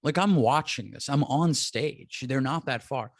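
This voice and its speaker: A man's voice: mid-range voice, measured pace, no echo, clean studio sound. A man telling a story in a casual podcast chat, acting out the people he quotes. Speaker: comedian guest.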